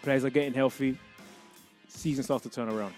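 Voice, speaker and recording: A man in his thirties hosting a sports talk show, talking upbeat and energetic to his audience. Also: medium pitch, fairly quick, faint music behind. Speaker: show host and former player.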